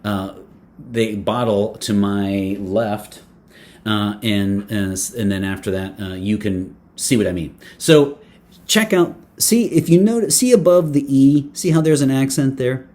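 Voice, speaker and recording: A man's voice: lowish voice, a little slow, warm tone. A man reviewing a fragrance in casual talk to camera, playful and chatty, with many fillers, restarts and joking asides.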